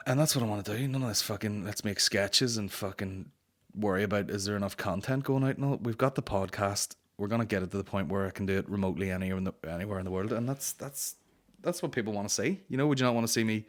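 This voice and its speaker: A man's voice: fairly low pitch, fast talker. A young man hosting a comedy podcast, ranting casually in rambling, profane banter. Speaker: podcast host.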